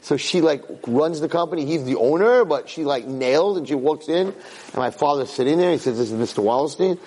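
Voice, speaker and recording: A man giving a fervent Torah talk as a rabbi, telling stories with animated energy that builds to shouting. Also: a little high, moderate pace, breathy edge. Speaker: rabbi teaching students. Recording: long hall reverb.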